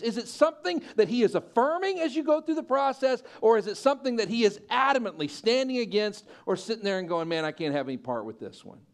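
A man preaching a sermon as pastor, telling a story with lively acted-out quotes and loud peaks. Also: sits high. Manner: animated storyteller, acting out quoted voices and building to loud peaks. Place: church.

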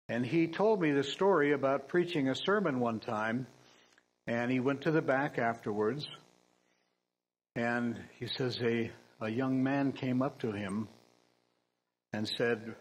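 An earnest male preacher delivering a sermon in a church. He speaks with emphatic conviction in an ordinary middle register, mixing pointed questions with dry asides and the occasional throat-clearing. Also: medium pitch, takes it slowly, long pauses, low-quality recording.

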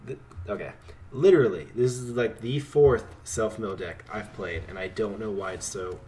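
A man giving casual commentary while playing a card game, talking to his opponent and swinging between excited outbursts and quiet muttering. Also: lowish voice, moderate pace, slight background noise.

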